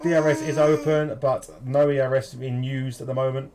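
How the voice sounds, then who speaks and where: A British man commentating a sim race, jokey and rising to excited shouts. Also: medium pitch, normal speed. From United Kingdom. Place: home room with children nearby. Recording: loud background noise.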